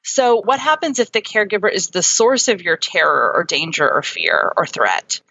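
A woman psychotherapist and author, speaking as an interview guest and explaining ideas earnestly with lively examples. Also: lowish voice, moderate pace, creaky, husky. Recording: dull lo-fi sound.

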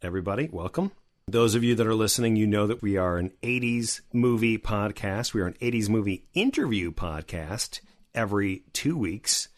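Rambling, lower-voiced male podcast host. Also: lively intonation, moderate pace. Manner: enthusiastic, rambling, with restarts. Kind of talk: casual podcast chat.

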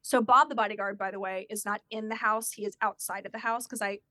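A woman's voice: medium pitch, fast talker, dry recording, studio quality. A woman telling a personal story in a casual chat and acting out the voices of the people in it. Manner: animated, acts out quoted voices.

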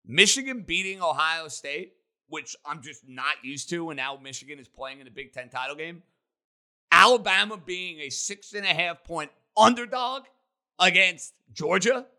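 A man hosting a sports talk show, delivering an opinionated monologue with emphatic, rapid-fire takes. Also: high-pitched, bright, forceful tone. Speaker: sports radio host.

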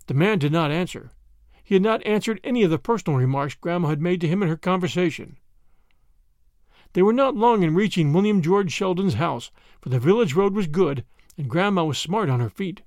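A man narrating a classic short story in an expressive, measured storytelling manner. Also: a little high, dry recording, studio quality.

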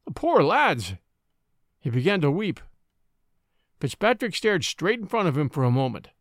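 Man reading an old adventure story, lively up-and-down voice, fairly high, dry close mic. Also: moderate pace, no room sound. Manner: dramatic, animated reading. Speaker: audiobook narrator and podcast host. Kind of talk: expressive storytelling narration.

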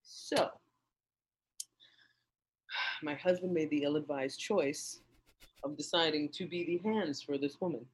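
A woman in her thirties, a comedian guest telling a story in casual chat, animated and acting out quotes in a raised voice. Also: sits low, measured pace, long pauses, a little hiss or hum, poor audio.

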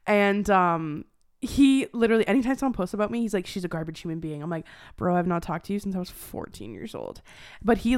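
A woman hosting a podcast in a loose, chatty way. She swears freely and slips into a hushed whisper when she jokes. Her voice sits at a middling pitch for a woman. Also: clean tone. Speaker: podcast host. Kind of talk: casual chat.

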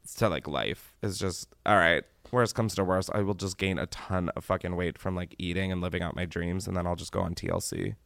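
A man hosting a podcast in casual chat, joking and animated, his voice jumping from loud squeals down to low mutters. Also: brisk, gravelly, few pauses, dry recording, clean studio sound. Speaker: podcast host.

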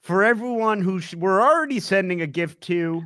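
A man co-hosting a comedy podcast, telling stories with plenty of uhs and sometimes trailing off quietly. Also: high voice, expressive, moderate pace, dry recording, clean studio sound. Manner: storytelling, many ums and uhs, drops to near-mutter. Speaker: podcast co-host. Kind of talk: casual comedic chat.

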